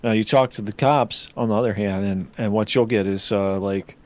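A man's voice: fairly low pitch, fairly even intonation, normal speed, darkish tone. A man co-hosting a comedy podcast, talking in laid-back, casual banter. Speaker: podcast co-host.

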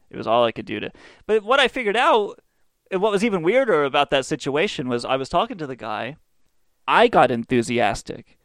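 A man's voice: medium pitch, no echo. A man hosting a radio show, telling rambling stories in a profane, sardonic way. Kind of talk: casual monologue.

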